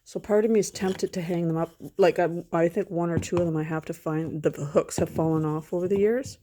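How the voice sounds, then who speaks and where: A woman's voice: fairly low pitch, fairly even intonation, fairly quick, mellow. A middle-aged woman chatting casually at home in a rambling, sentimental vlog. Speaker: vlogger. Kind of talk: casual chat.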